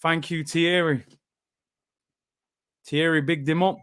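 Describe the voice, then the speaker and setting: Young guy doing a football watchalong, high-pitched, hypes up then chills out. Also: slow pace, smooth. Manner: excitable, shouts at big moments, then calms himself down. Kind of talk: live match watchalong commentary.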